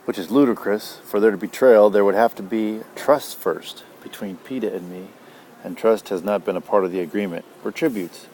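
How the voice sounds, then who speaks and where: A father reading a novel aloud to his child, gentle and unhurried. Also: on the low side, slight background noise. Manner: gentle, unhurried, tender asides.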